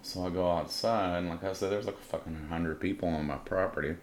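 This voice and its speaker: A man's voice: sits low, fairly even intonation, brisk, slight background noise. A middle-aged man, telling a crude, defiant personal story in blunt, profane first-person style as a podcast host. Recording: roomy room with faint ambience.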